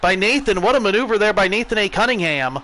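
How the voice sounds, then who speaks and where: An American man streaming a wrestling video game, giving excitable play-by-play commentary. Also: sits high, fast talker, poor audio. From United States.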